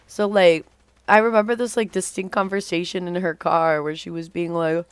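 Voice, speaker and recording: A woman's voice: lowish voice, steady tone, moderate pace, clean tone, dry recording. A young woman livestreaming a game, rambling through a storytime with lots of fillers and casual swearing. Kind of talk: rambling storytime while gaming.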